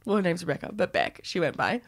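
Giggly woman co-host, bright sing-song chatter. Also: lowish voice, fast. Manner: giggly, animated, riffs on jokes. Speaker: podcast co-host. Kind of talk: casual chat.

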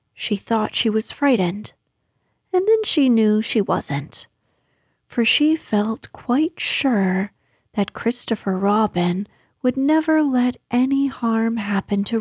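Slow, husky woman reading a storybook. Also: fairly high pitch, darkish tone, no echo, studio quality. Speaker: narrator.

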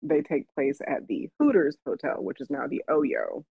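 Woman podcaster chatting, lively up and down voice, kinda husky, dull dry sound. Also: low-pitched, normal speed, dry recording. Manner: laughs often, animated when quoting herself. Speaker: podcast co-host. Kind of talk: casual storytelling chat. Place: Las Vegas.

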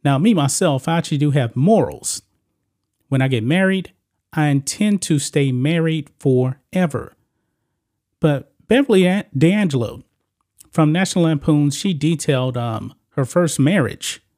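Blunt, moralizing man with a higher voice. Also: expressive, unhurried, darkish tone. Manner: blunt, moralizing, talks directly to viewers. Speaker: channel host. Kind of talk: opinionated celebrity news commentary.

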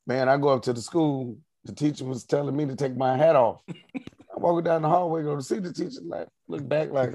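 A man's voice: a little high, brisk, a little mellow. A man co-hosting a podcast, telling stories animatedly and laughing with friends. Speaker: co-host. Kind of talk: casual chat.

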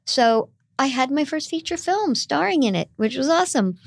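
A woman's voice: sits high, lively intonation, moderate pace, creaky, no echo, clean studio sound. A middle-aged woman voice actor with a youthful, girlish-sounding voice, chatting animatedly as an interview guest. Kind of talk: casual interview chat.

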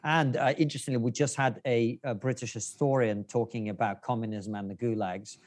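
A man's voice: mid-range voice, steady tone, fairly quick, a little mellow. A man talking as a podcast guest, wry and opinionated, arguing his points in casual conversation.

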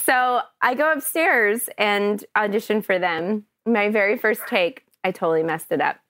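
A woman from Kentucky, an actress guest on a podcast, telling a story in an animated, chatty way. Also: medium pitch, normal speed, no echo. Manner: chatty, animated, often laughing.

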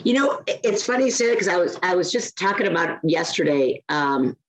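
A woman's voice: lowish voice, a little fast, rough recording. A middle-aged woman, a guest telling personal stories in a casual interview and acting out the quoted speech. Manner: animated storyteller, acts out quoted speech. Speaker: guest, nonprofit founder.

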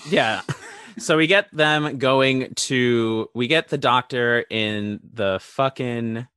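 Bright-voiced laughing man, dry sound. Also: medium pitch, slow, clean tone, no echo. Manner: laughing, profane, rambling storytelling. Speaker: podcast co-host. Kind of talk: casual movie-recap chat.

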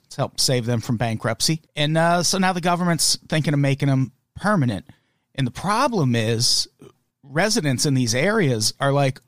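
A man's voice: medium pitch, no echo, studio quality. An American man hosting a podcast, chatting casually and making wry jokes. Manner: joking, wry asides. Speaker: podcast host.

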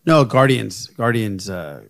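Gravelly guy chatting excitedly on a geek podcast, dry sound. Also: on the low side, slow, dry recording. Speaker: podcast co-host. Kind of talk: casual chat.

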